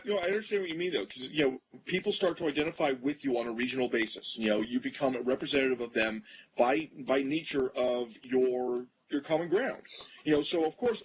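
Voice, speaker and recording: A man hosting a casual group interview, teasing his guests and cracking jokes. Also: mid-range voice. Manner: joking, teasing. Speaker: interview host. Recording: muffled, with background noise.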